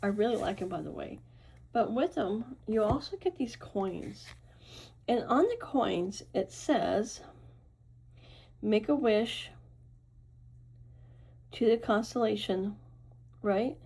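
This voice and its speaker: A woman with a mellow, slightly husky voice talks her viewers through a tarot reading. Her talk is loose and chatty, with fillers and self-corrections, and she keeps checking in with "right?" and "okay?". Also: mid-range voice, lively intonation, takes it slowly, pauses often, rough recording. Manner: reassuring, repeats "right?" and "okay?". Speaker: tarot reader. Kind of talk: casual tarot reading to camera.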